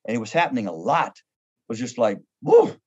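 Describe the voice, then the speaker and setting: A man's voice: mid-range voice, brisk, a little hiss or hum. A man in his fifties, a pastor and counselor, telling stories in conversation with humor and acted-out quotes. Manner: humorous, animated, acts out quoted voices. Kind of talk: conversational storytelling on a podcast. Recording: dull lo-fi audio.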